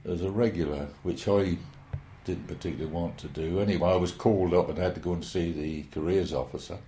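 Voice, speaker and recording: A man's voice: deep voice, fairly even intonation, fairly quick, warm tone. A man, reminiscing at length in a rambling, hesitant, folksy way. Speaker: interviewee. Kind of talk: oral history reminiscence. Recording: roomy echo.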